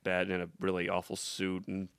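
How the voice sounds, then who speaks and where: A man with a lowish, gravelly voice hosting a comedy chat, full of quick puns and playful asides. The sound is dry, with no room echo. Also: monotone, fairly bright tone. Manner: quick-witted, playful wordplay. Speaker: comedian host. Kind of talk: casual comedy podcast chat.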